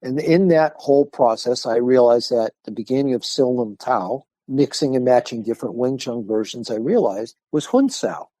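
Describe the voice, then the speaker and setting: An older man speaks as an interview guest, explaining his training ideas in a casual, animated way. His voice is mellow and warm, and he slips into the voices of the people in his stories. The recording is dry and close to the mic. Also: mid-range voice, normal speed, hardly any pauses, no room sound. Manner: animated storyteller, acts out quoted voices. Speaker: martial arts instructor, podcast guest.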